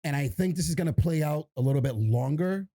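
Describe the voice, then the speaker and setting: A man co-hosting a podcast, talking in a relaxed, agreeable and casually profane way. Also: a little high, brisk. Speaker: podcast co-host.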